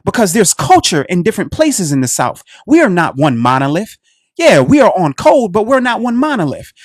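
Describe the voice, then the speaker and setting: Impassioned host with lively, swinging pitch. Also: moderate pace, dry recording, clean studio sound. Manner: impassioned, preachy, addresses listeners as family; repeats phrases for emphasis, asks rhetorical questions. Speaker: radio show host. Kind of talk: solo commentary monologue.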